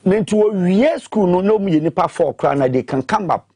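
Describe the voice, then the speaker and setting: A man with a Ghanaian accent, speaking emphatically in an animated discussion that mixes English and Twi, pressing his points with repeated questions. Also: sits high, moderate pace, slightly rough, dry recording.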